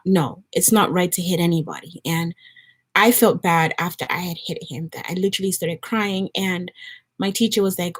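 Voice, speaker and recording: A woman's voice: on the low side, breathy edge. A woman in her twenties from Nigeria, telling a personal story in an earnest, rambling chat for her vlog. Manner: earnest, conversational, rambling with fillers. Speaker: vlogger.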